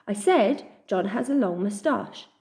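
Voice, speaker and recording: A woman voicing a small, brave female mouse kitten who squeaks and cries out in a storybook reading. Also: wildly swooping pitch, drawn-out words, fairly bright tone, heavily acted. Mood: insistent. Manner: squeaky, crying out.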